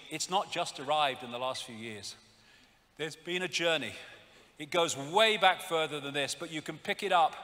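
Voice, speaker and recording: Sarcastic man lecturing in a hall. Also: on the high side. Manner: animated, sarcastic, swearing. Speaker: public speaker. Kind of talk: live lecture with slides.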